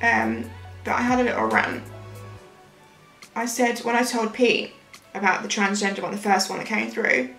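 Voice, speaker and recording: A young British beauty vlogger chats her way through a makeup tutorial, rambling and losing her train of thought. Her voice sits on the high side, steady and a bit bright, with a creaky quality, a moderate pace and long pauses. She's recorded in an echoey room with faint music playing.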